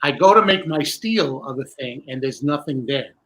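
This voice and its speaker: A man, a magician guest, telling a long animated story with many restarts in a candid interview. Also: medium pitch, moderate pace, poor audio.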